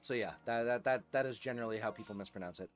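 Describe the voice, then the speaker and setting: A man's voice: on the low side, rapid-fire, soft background music. Rambling New Jersey guy streaming. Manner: rambling, chuckling, many fillers and restarts. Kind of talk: casual live-stream chat while gaming.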